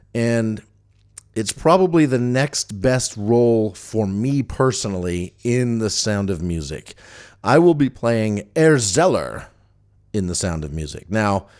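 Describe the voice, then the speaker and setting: A man's voice: on the low side, very animated, slow pace, a little mellow. A man hosting a casual solo podcast, rambling and chatty with frequent fillers and restarts. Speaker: podcast host.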